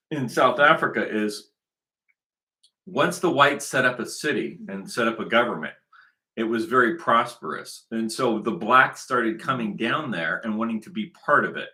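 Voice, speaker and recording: A man speaks in a bright, forceful voice at a middling pitch. He talks to his channel without a script, stressing his points. He circles back on himself with frequent repeats and restarts. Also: animated, normal speed. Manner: emphatic, repetitive, rambling with many restarts. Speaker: channel host. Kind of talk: unscripted monologue.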